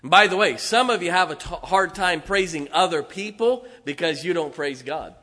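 Emphatic preacher in a hall. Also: male voice, high-pitched, expressive, bright, forceful tone. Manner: emphatic preaching, breaks into slow singing. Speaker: pastor. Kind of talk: sermon. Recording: reverberant church hall.

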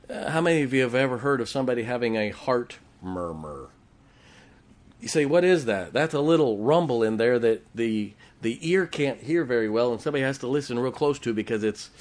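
A middle-aged man preaching a sermon, drawing call-and-response from the congregation and slipping in jokes. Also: medium pitch. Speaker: pastor.

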